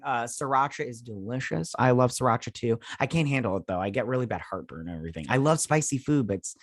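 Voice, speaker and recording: A man's voice: medium pitch, fast talker, few pauses, no room sound, studio quality. A man hosting a casual review show, rambling and enthusiastic, full of fillers and chuckles. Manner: rambling, filler-heavy retelling. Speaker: show host. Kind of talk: casual episode recap and review.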